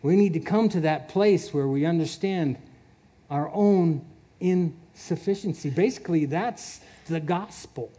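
A man's voice: a little high, unhurried, dark tone. A man preaching a sermon in an earnest way, chuckling often and repeating his words.

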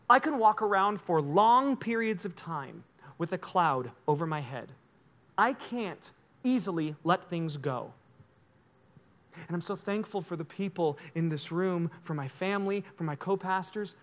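High voiced pastor guy preaching, gets real personal, loud then real quiet. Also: expressive, moderate pace. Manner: emotional and confessional, swinging loud to hushed. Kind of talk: sermon.

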